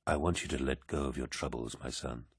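A commanding, towering warlord with a calm, paternal hand, speaking softly and slowly, as a male audiobook narrator puts him on. The voice sits extremely deep and close, with a dry, dead sound around it. Every word is measured and low. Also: slightly rough, no room sound. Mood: gentle. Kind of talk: audiobook character voice.

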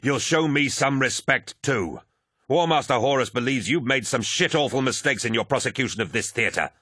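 A man's voice: mid-range voice, animated, moderate pace, bright, forceful tone, breathy edge, no echo, clean studio sound, pitched above the performer's own voice. Guy putting on a cocky soldier captain, mocking and barking, swings up and down a lot. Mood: scornful. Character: brash, insolent male warrior captain.

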